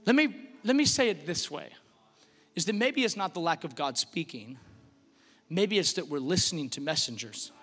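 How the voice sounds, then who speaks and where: A middle-aged male pastor preaching a sermon in a church, swinging from shouting to hushed tones with passion. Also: on the high side, animated, moderate pace. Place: church sanctuary. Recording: reverberant hall.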